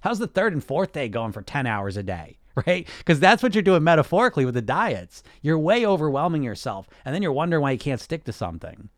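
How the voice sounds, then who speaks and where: A man's voice: a little high, very animated, brisk, few pauses, dry recording, studio quality. A man hosting a casual podcast monologue as a weight loss coach, blunt and sarcastic, and he swears freely.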